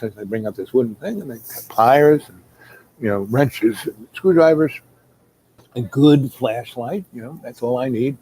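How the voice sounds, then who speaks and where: A man's voice: medium pitch, lively intonation, moderate pace, dark tone, slight background noise, poor audio. A man telling a long rambling story, full of fillers, who acts out the people he quotes. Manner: meandering, many fillers, acts out quoted voices.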